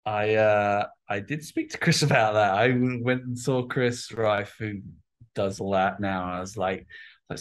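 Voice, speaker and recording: Here a guest artist from England, middle-aged, chats casually in an interview, bringing his childhood stories to life by mimicking the voices he grew up around. His pitch is on the low side and his speed is normal.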